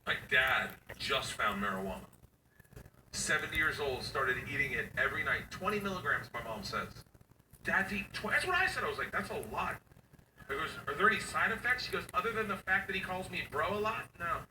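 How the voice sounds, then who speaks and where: A man in his forties doing stand-up comedy, his voice pitched high and swinging widely as he acts out characters and hoots like an owl. He is picked up from a distance in an echoey venue, with clear crowd noise behind him. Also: big pitch swings, brisk, bright, forceful tone. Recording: echoey room recorded from far off, audience noise.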